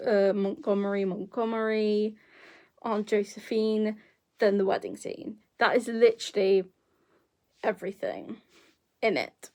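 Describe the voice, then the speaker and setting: A woman's voice: medium pitch, a little mellow. A young woman chatting casually to camera, rambling with many fillers and restarts. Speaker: vlogger. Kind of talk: casual chat.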